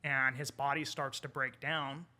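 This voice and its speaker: A man, an English professor, telling a folk tale in casual conversation over wine, animated and quoting the characters. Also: medium pitch, measured pace. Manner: animated retelling with quoted character lines. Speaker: podcast guest, English professor.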